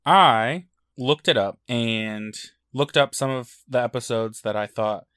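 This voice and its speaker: A man co-hosting a podcast with a dry, deadpan sense of humor, answering casually and without fuss. His voice sits at a middling pitch and is recorded dry, close to the mic. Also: unhurried, dry recording. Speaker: podcast co-host. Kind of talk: casual chat.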